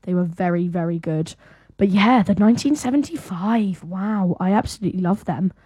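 A young woman co-hosting a live radio show, chatting enthusiastically and dropping into softer asides. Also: medium pitch, normal speed, breathy edge, dry recording. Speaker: radio co-host. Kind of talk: casual radio chat.

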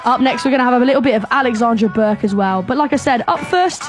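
A woman's voice: on the high side, fast talker, faint music behind. A young woman with a Southern English accent, hosting a radio show in easygoing, casual chat. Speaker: radio host.

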